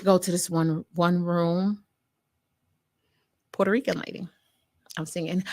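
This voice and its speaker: A young adult woman, a nurse and podcast host, telling an emotional personal story in a casual, animated way and talking straight to her listeners. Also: on the low side, measured pace, pauses often.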